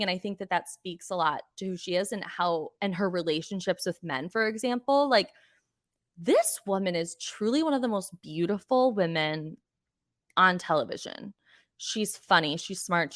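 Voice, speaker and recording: A woman's voice: medium pitch, normal speed, a bit bright, no room sound, clean studio sound. A woman hosting a podcast, giving a chatty, exasperated recap of reality TV with plenty of swearing. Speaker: podcast host.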